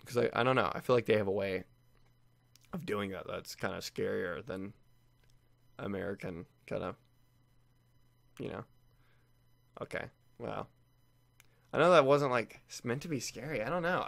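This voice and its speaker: A man's voice: lowish voice, animated, moderate pace, vocal fry, pauses often, fairly bright tone, dry recording. A young man playing through a game on camera, reading its text aloud and reacting in a jumpy, nervous way, often repeating himself. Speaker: let's play gamer.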